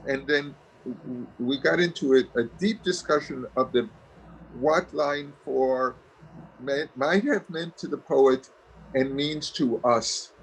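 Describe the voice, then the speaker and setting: A man of middle pitch gives a hesitant report to an online class, pausing on fillers and restarting his sentences. A faint hiss hangs behind him. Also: low-quality recording. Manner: halting, many fillers and restarts. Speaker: class participant reporting back. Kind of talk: casual report in a video call class. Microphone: video call.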